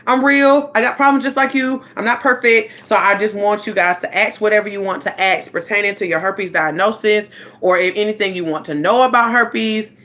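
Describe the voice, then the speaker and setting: A woman's voice: mid-range voice, fairly bright tone. A rambling, chatty woman, talking to her livestream viewers. She speaks into a phone at home, loose and conversational, like a life coach catching up with her audience. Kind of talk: casual livestream chat.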